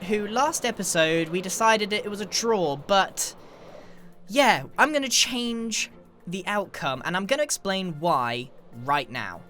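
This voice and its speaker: An upbeat male host chatting casually through a game session, with a lively, laugh-prone delivery. He sounds friendly and animated as he explains things to his friends. Faint music hums in the background. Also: high voice, slow. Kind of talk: casual gaming chat.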